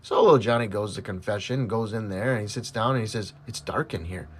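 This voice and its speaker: A man's voice: fairly low pitch, fast. A man telling crude jokes to his family, acting out the characters' voices and laughing at his own punchlines. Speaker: joke teller.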